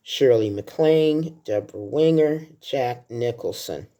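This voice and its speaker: A mellow bass voice, taking things slowly, belongs to a film vlogger in her sixties. She talks casually through a countdown of her favorite films, chatty and sharing heartfelt stories.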